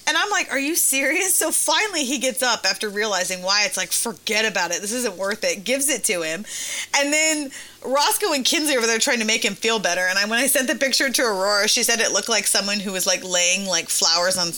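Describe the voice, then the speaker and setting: A woman's voice: fairly high pitch, animated, brisk, pushed and bright. A woman in her thirties, a mother, telling a family story in casual chat, laughing often and acting out her kids' voices.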